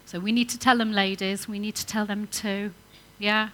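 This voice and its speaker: A woman's voice: medium pitch, steady tone, moderate pace, pushed and bright. A woman giving an informal sermon to couples, chatty and coaxing the audience to join in. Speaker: church speaker on marriage.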